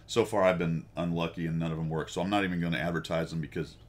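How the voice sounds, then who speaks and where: A man's voice: sits low, steady tone, fast. An American man hosting a casual chat with viewers, rambling and self-deprecating and laughing often. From United States. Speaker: host.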